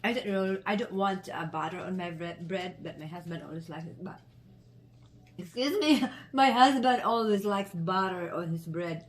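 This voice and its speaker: A woman's voice: on the low side, moderate pace. A Filipino woman vlogging casually while eating dinner, chatty and full of fillers, mixing English and Tagalog. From Philippines. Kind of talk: casual vlog chat.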